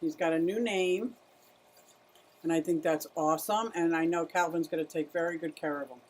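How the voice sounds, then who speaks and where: A woman's voice: fairly low pitch, fairly even intonation, normal speed. A middle-aged woman chatting casually on a livestream about her pet turtles, greeting viewers and talking to her animals. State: out of breath at times.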